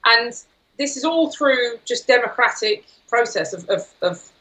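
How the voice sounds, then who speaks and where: A woman speaking as a guest on a political talk show, forceful and indignant. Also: fairly high pitch, animated, measured pace, low-quality recording.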